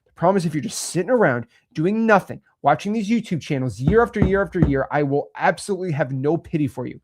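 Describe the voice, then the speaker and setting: Guy with a slightly high voice pushing hard, blunt motivational talk. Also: expressive, fast, background noise. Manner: blunt, pushy, repeats himself. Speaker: host.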